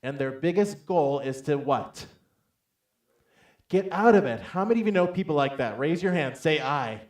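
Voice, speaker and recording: A man giving a motivational talk from a stage to a live audience, telling a personal story with lively acted-out dialogue and calling on the crowd to answer. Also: a little high, moderate pace, roomy sound. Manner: animated storytelling, acts out dialogue loudly, calls for audience responses. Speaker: motivational speaker. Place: large hall on stage.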